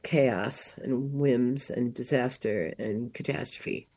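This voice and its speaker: A woman guest astrologer chatting on a radio show, meandering and quick to laugh. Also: very deep voice, dark tone, slightly rough. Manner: slow, meandering, laughs easily. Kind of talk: casual radio chat. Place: radio studio.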